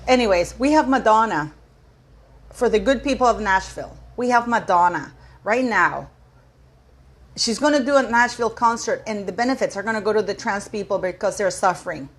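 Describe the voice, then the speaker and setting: A woman's voice: mid-range voice, brisk. Indignant middle-aged woman ranting to camera. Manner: indignant, rambling, repeats words for emphasis. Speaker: commentary channel host. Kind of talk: casual opinion rant to camera.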